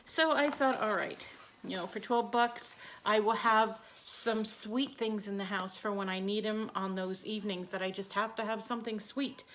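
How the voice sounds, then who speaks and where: A woman's voice: medium pitch, steady tone, normal speed, a bit bright, slight background noise. A woman chatting casually to her camera in a rambling, friendly way, with many fillers. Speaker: vlogger.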